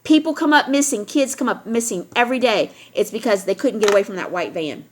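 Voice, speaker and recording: A woman vlogger rants straight at her viewers, emphatic and lecturing, hammering points home by repeating them. Her mid-range voice is animated and fairly quick, with hardly any pauses.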